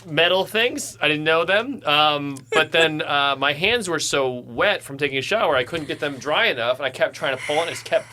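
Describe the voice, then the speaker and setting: A man's voice: on the high side, expressive, normal speed, few pauses, pushed and bright, slight background noise. A man hosting a podcast in casual chat, telling rambling stories with stammered restarts. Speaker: podcast host.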